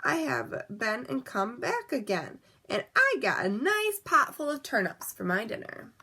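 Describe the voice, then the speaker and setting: A woman voicing a small, clever young male pig in a storybook read-aloud, with squeaky, eager replies. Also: very animated, a little slow, creaky, pushed and bright, husky, heavily acted.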